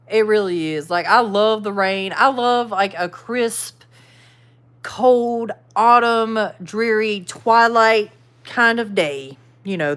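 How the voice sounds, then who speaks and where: A woman's voice: medium pitch, a bit bright. A Southern woman chatting loosely with her viewers on a livestream. She is easygoing and self-deprecating, laughs a lot and drops plenty of y'all. She talks like she is among friends. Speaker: channel host reading live chat. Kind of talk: casual livestream chat.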